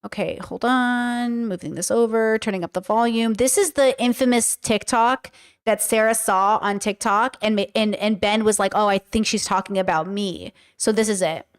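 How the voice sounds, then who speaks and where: A woman's voice: medium pitch, normal speed, clear, resonant tone. A woman hosting a casual reaction podcast, chatting with her live viewers while she scrolls and clicks through clips.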